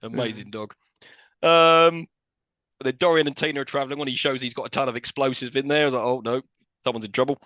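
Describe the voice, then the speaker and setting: A man's voice: medium pitch, quick pace, sharp tone, dry recording. A man co-hosting a podcast, casually recapping a film with laughs and swearing. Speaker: podcast co-host.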